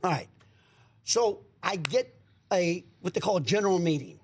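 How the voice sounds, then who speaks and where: A man's voice: high voice, moderate pace, a little hiss or hum. A man telling a long story in a studio, acting out the voices of the people in it. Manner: animated storyteller acting out quotes, repeats words. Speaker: guest. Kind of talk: storytelling chat. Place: radio studio.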